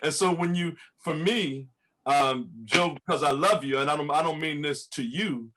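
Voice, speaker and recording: A man's voice: a little high, normal speed, fairly bright tone, a little hiss or hum. A man who is a pastor, speaking fervently on a panel, laughing often and repeating words when stirred. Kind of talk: impassioned panel testimony.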